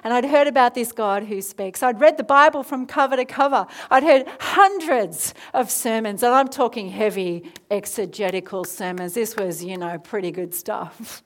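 A woman preacher in her thirties leading a prayer, then telling her story with lively asides and soft near-whispered moments. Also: on the high side, moderate pace, hardly any pauses. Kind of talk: sermon with prayer.

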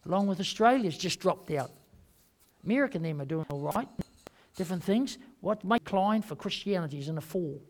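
A man's voice: sits high, lively intonation, fairly quick, a little hiss or hum. Rambling New Zealand preacher man. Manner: rambling, emphatic, swings between loud and quiet. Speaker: pastor. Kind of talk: sermon.

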